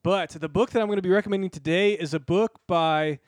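A man's voice: sits high, a little fast, no echo. A man co-hosting a casual podcast, presenting a book segment with playful, mock-formal intros.

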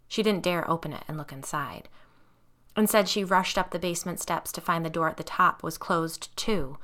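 A woman narrates an audiobook in a measured, suspenseful way. Her voice is pitched low for a woman but sounds bright and forceful.

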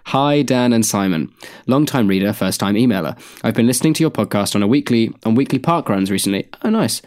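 A man's voice: on the low side, animated, fairly quick, darkish tone. A man co-hosting a podcast, reading listener emails aloud in an easygoing, agreeable way. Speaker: podcast co-host.

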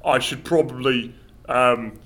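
A man's voice: medium pitch, fairly even intonation, slow pace, bright, forceful tone, pitched below the performer's own voice. A man playing a bossy, bumbling medieval policeman who cannot write. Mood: pompous. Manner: pompous, bossy, self-interrupting.

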